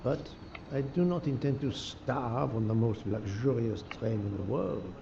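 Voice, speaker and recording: An actor playing a fastidious, proud middle-aged male detective with a gravelly, courtly and self-assured manner. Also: medium pitch. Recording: dull lo-fi game audio with noise.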